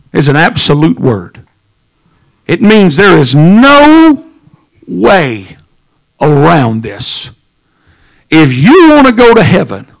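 A pastor preaching a sermon, swinging from low murmurs to shouted lines. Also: male voice, vocal fry.

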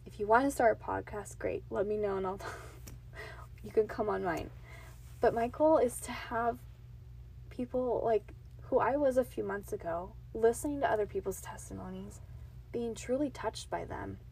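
Earnest woman with a gravelly husky voice. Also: mid-range voice, moderate pace, a little mellow. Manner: earnest, emotional, confiding. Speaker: podcast host. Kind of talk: personal faith testimony. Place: home closet. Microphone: podcast mic on a box.

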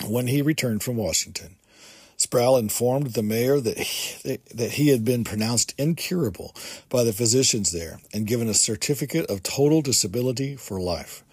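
A man's voice: mid-range voice, moderate pace, a little mellow, husky, no room sound, clean studio sound. A man hosting a podcast, reading from a book aloud in an earnest way and adding his own comments, with small restarts. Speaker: podcast host.

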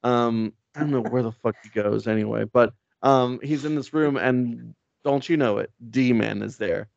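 A man with a gravelly, fry-heavy voice, chatting casually on a podcast. He rambles with lots of fillers and swears freely. His voice sounds dry and a little dull, with no room echo. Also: medium pitch, normal speed. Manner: rambling, excitable, swears a lot, many fillers. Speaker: podcast co-host. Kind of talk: casual chat recapping comics.

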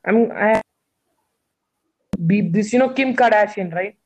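A man with a notably high voice, talking in a relaxed group chat. He teases his friends and walks them through explanations with a quick, joking manner. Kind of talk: casual chat.

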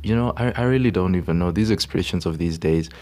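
A young man hosts a casual podcast, talking in an excitable, rambling way and repeating his words. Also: low voice, quick pace. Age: young adult. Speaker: podcast host.

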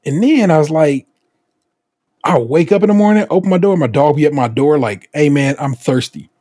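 A man hosting a casual podcast, telling stories in an animated way with swearing and acted quotes. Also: a little high, a little fast, no room sound, studio quality. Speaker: podcast host.

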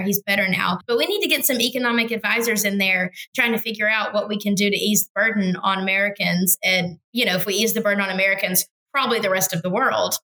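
Bright-voiced wry female podcast co-host. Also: medium pitch, poor audio. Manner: wry and joking, laughs between points. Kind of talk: casual political chat.

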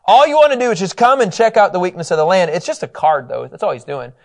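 Bible teacher, male, higher voice, lively, talks it through casually. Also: fast. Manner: animated, conversational, acts out quotes.

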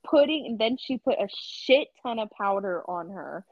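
A young woman telling a work story on a podcast, animated, laughing and acting out quotes with lots of fillers. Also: mid-range voice, normal speed, no room sound. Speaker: podcast co-host. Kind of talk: casual storytelling chat. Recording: slightly dull dry sound.

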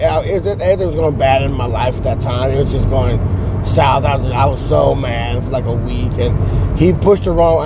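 A man rambling through a story from his car, cursing a lot and stumbling over his restarts. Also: fairly high pitch. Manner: profane, stammering restarts. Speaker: vlogger telling stories. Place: car stuck in traffic. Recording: road noise from traffic.

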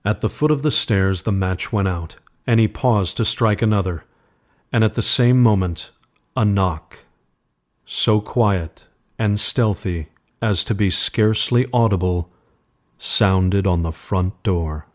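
Low-voiced man reading a ghost story. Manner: slow, measured, suspenseful reading. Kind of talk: scripted horror story narration.

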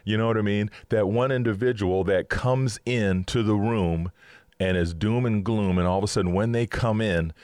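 Chatty deep-voiced man, dry close sound. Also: normal speed, dry recording. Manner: chatty, upbeat, laughs often, breaks into excited cheering. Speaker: podcast host. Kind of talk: casual Christian teaching talk.

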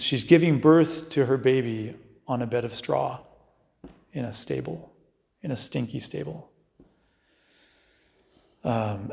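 A man's voice: medium pitch, gravelly. A man giving a conversational spiritual talk to young adults as a Catholic speaker, often checking in with "right?" and "you know". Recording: echoey hall.

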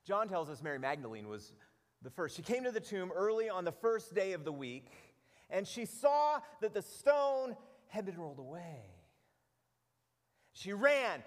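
A middle-aged man preaching a sermon with animated storytelling, often repeating words as he goes. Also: high-pitched, in a large hall. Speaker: pastor.

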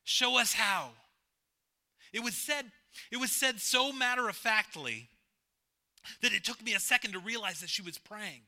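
A man's voice: sits high, animated, moderate pace, bright, forceful tone. A male pastor giving a sermon, emphatic and repeating his key phrases.

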